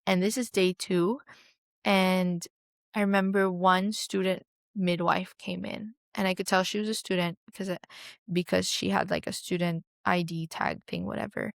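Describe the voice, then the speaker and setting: A woman's voice: on the low side, fairly even intonation, moderate pace, gravelly, no room sound, clean studio sound. A young woman candidly telling an emotional personal story as a mother and acting out what others said to her.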